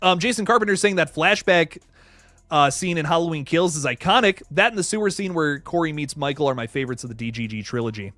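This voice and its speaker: A man chats through a livestream and reads viewer comments, rambling with plenty of restarts and laughs. His pitch is a bit high and swings widely as he talks. The recording is dry and close, with a little music playing underneath. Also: expressive, fast talker, a bit bright, no room sound. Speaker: YouTube host reading live chat. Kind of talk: casual livestream chat.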